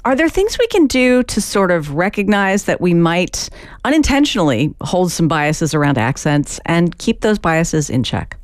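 A woman in her fifties hosting a public radio interview, asking calm, measured questions into a studio microphone. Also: on the low side, no echo. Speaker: radio talk show host.

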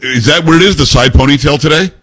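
A man's voice: on the high side, fast, a bit bright. A man hosting a talk radio show, joking and teasing his co-hosts. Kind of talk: casual talk radio banter.

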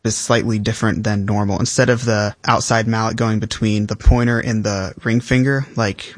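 Teenage boy with a dry, low voice. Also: normal speed, dry recording. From South Carolina, US. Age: teens. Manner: relaxed, thoughtful, uses many fillers. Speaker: young percussionist guest. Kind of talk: interview answers.

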